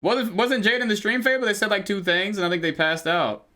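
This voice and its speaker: Young male streamer, bright voice, excitable and repetitive, casual live chat. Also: high voice, a little fast. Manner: excitable, exclaims and repeats himself.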